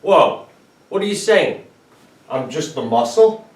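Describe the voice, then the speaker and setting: A man playing a clingy, overemotional male twin who pleads in a mock-tearful, drawn-out way. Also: fairly high pitch, sing-song, echoey room, far from the mic. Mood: defensive.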